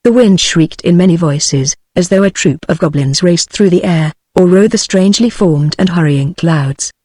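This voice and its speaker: A text-to-speech voice of a woman with a British English accent, reading an adventure novel aloud in an even, synthetic manner. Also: on the low side, moderate pace, dry recording, clean studio sound. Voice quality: even synthetic delivery, same voice for all characters. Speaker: audiobook narrator.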